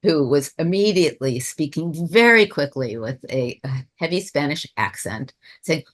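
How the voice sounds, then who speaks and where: A woman's voice: rumbling low, expressive, moderate pace. A woman telling a personal spiritual story on a webinar, in a reflective, rambling way, often restarting her sentences. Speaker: webinar speaker. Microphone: video call.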